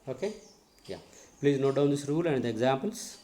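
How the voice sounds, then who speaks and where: A man teaching an English lesson, explaining step by step and often pausing on "okay". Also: medium pitch, lively intonation, mellow. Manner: methodical, repeats "okay" between points. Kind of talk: recorded lesson on word stress. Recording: echoey room.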